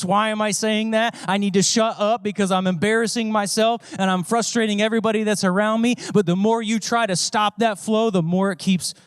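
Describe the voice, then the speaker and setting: A man preaching a sermon in a conversational style, often repeating phrases and letting his pitch swing widely. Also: no room sound, studio quality. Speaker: pastor.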